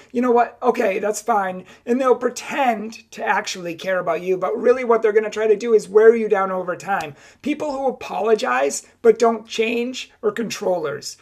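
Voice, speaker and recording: A woman's voice: on the high side, a little mellow. A young woman speaking as a Catholic advice speaker, talking to camera and acting out both sides of each exchange. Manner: emphatic, acts out both sides of dialogues. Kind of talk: direct-to-camera advice talk.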